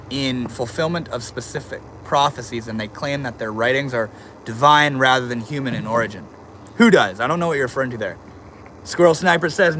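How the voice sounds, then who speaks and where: A man's voice: mid-range voice, a bit bright, slight background noise. A man casually chatting on a livestream, reading viewer comments aloud and answering them in a laid-back, slangy way.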